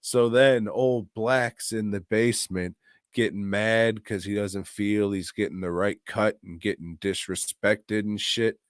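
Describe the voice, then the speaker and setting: A man's voice: on the low side, fairly even intonation, a little slow, no echo, clean studio sound. A man co-hosting a podcast, reviewing a movie in casual chat full of crude, mocking jokes. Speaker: podcast co-host.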